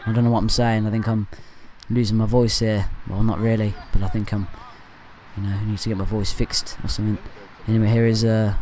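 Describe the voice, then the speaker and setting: A man giving casual voice-over commentary for a fan channel. He rambles and jokes, with off-topic asides and quick self-corrections. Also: mid-range voice, a little mellow.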